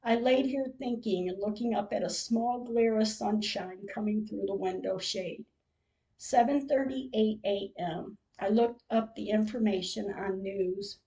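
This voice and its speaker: An older woman tells her own story slowly and carefully, reading it like diary entries. Her voice is mellow and soft-edged, with a warm, unhurried delivery that carries feeling beneath it. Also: mid-range voice, highs cut off. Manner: slow, measured storytelling with emotional moments. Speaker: podcast host. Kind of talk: reading a personal diary-style account.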